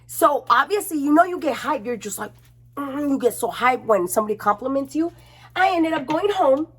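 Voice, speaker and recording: A young woman chatting casually to her camera at home, expressive and chatty, swearing freely. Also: fairly high pitch. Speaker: beauty vlogger.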